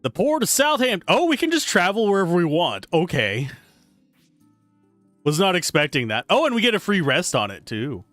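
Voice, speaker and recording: A man's voice: high voice, sing-song, fast talker, few pauses, a bit bright, dry recording, soft background music. A man streaming a game live, chatting casually and joking while reading game text aloud. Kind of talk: casual live gameplay commentary.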